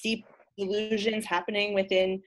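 A woman interviewer asking thoughtful, measured questions in a casual conversation. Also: mid-range voice, level tone.

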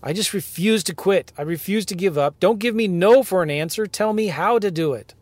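A man hosting a podcast from his car, ranting in an animated way and firing off rhetorical questions to his listeners. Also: high voice, fairly quick, no echo. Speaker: podcast host, real estate investing coach. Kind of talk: ranting monologue.

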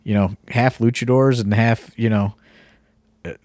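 A man's voice: mid-range voice, steady tone, a little slow, a little mellow, dry recording. Rambling storytelling man, dry close sound. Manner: rambling storyteller, many fillers and swearing. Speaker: wrestling promoter and podcast co-host. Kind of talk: casual podcast chat.

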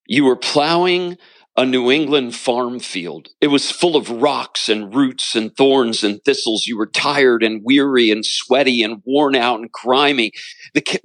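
A man's voice: mid-range voice, fairly bright tone, dry recording. A man, a pastor, telling his story in an interview, with an earnest preaching cadence and repeated phrases. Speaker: pastor and author.

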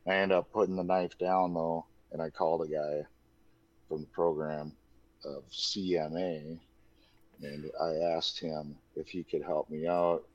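A man in his thirties with a very deep, level voice tells his own story, unhurried, in a loose and candid way peppered with "like" and "dude." The recording is dry, dull and lo-fi.

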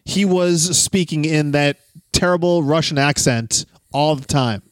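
A man's voice: a little high, unhurried, dry recording, studio quality. A man hosting a casual podcast, chatting and reading listener messages aloud. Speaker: podcast host.

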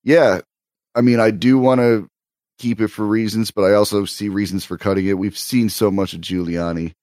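A man's voice: lowish voice, fairly even intonation, normal speed, darkish tone, no room sound, studio quality. A man co-hosting a casual podcast, giving brief, laid-back opinions on comedy sketches. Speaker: co-host.

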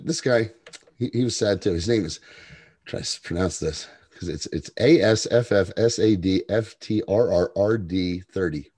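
A man's voice: deep voice, normal speed, a little mellow, husky. A man co-hosting a podcast in casual chat, wry and sarcastic. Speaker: podcast co-host.

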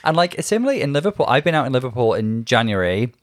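A man co-hosting a casual podcast, measured and precise, adding dry asides. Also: medium pitch, sing-song, no room sound. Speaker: podcast co-host. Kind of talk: casual chat.

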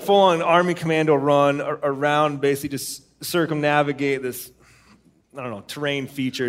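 A man co-hosting a live podcast, telling a long story with lots of fillers and chuckles. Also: mid-range voice. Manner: rambling with fillers and laughs. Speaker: podcast co-host. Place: live stage show.

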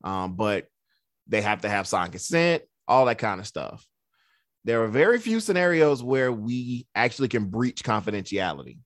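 A male therapist in a casual podcast chat, his pitch rising and falling a lot as he tells stories. He slips into a higher voice to act out what people said to him. The sound is dry and close, with little room echo. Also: normal speed. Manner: relaxed storyteller, acts out quotes in a raised voice.

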